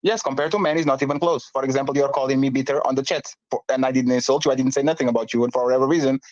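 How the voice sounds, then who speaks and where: A man's voice: mid-range voice, steady tone, rapid-fire, a little mellow, no echo, lo-fi sound. A man hosting a heated live-stream debate, arguing hard and pressing for examples. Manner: argumentative, keeps interrupting and pressing for examples. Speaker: stream host.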